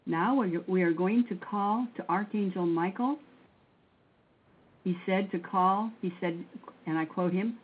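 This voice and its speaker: A woman leading a guided breathing and mantra prayer session in a slow, measured way, counting aloud. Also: on the low side, slightly rough. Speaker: prayer and meditation leader. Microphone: phone line. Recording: tinny phone line with faint noise.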